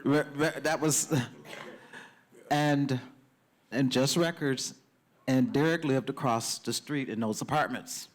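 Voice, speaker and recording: Male DJ panelist, animated storyteller, mid-pitched voice. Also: slow pace. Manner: animated, acts out quotes.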